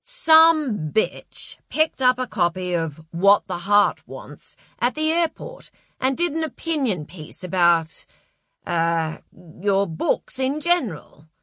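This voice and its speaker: A woman's voice: medium pitch, big pitch swings, takes it slowly, pushed and bright, no echo, clean studio sound, exaggerated voice. A woman voicing a flustered, apologetic male literary agent who keeps scolding himself. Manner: fretful, self-reproaching.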